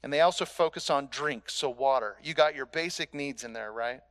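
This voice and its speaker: A man's voice: mid-range voice, normal speed, fairly bright tone, dry recording, clean studio sound. A man preaching a sermon in a conversational, emphatic way, asking the listeners rhetorical questions and repeating his key phrases. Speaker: pastor.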